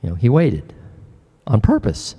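An older man preaching a sermon as pastor, earnest and emotional, often pausing and restarting his words. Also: lowish voice, wildly swooping pitch, mellow, husky, in a large hall.

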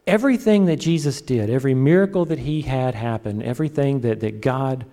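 A middle-aged man preaching a sermon, animated and joking, acting out his own prayers. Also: medium pitch, brisk. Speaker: pastor.

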